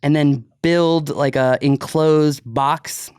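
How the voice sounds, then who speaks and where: A man's voice: on the high side, fairly even intonation, slow pace, a little mellow, smooth, no room sound, studio quality. A man hosting a podcast in casual chat, talking loosely with lots of fillers and frequent laughter. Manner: chatty, laughs often, many fillers. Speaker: podcast host.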